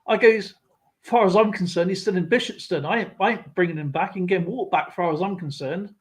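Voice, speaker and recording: High-voiced man telling stories. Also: fairly quick. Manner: rambling, laughs, acts out others' voices. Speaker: live stream host. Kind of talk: casual storytelling chat.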